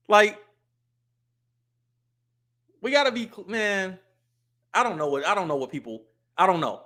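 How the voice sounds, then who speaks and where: A man's voice: sits high, big pitch swings, measured pace, long pauses, pushed and bright. Livestream host, married man, blunt commentary delivered emphatically and with repetition. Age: adult, married. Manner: blunt, emphatic, repeats his points.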